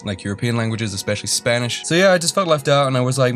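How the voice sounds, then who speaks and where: A man's voice: medium pitch, animated, very fast, a bit bright, soft background music. A young man telling a story in a rambling, self-deprecating way, full of fillers and restarts. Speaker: YouTuber. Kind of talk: casual storytelling.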